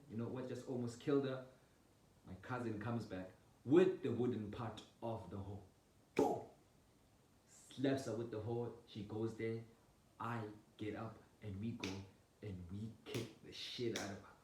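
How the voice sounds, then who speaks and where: A man casually telling a personal family story, animated and laughing, acting out the scenes with sound effects. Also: normal speed. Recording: roomy echo, distant mic, low rumble.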